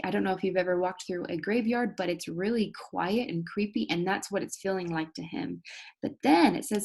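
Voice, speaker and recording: A woman teacher giving a recorded video lesson, patiently explaining things and talking straight to her students, with expressive storytelling emphasis. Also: on the low side, fairly quick, creaky, husky.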